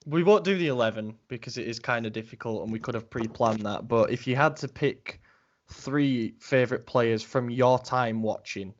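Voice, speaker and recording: A man's voice: mid-range voice, normal speed, a little hiss or hum. A man, co-hosting a podcast in casual, rambling chat. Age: 20s. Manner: chatty, rambling with many ums. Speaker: podcast co-host. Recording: dull lo-fi audio.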